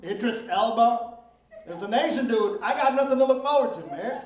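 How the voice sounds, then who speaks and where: A man's voice: very high voice, animated, moderate pace, far from the mic. A middle-aged man performing a stand-up comedy set on a club stage, talking in a brash, crude, conversational way and working the crowd. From Philippines heritage. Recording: roomy club sound, crowd laughter.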